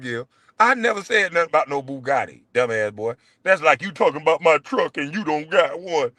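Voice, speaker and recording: A man hosting his own show, delivering a heated, profane solo rant, taunting and swinging between loud jabs and low mutters. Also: animated, normal speed, dry recording, studio quality. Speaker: show host.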